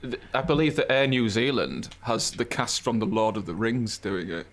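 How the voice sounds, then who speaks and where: A man's voice: on the low side, lively intonation, moderate pace, slight background noise. A man with a British accent, a podcast co-host making wry jokes in casual chat. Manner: wry joking asides.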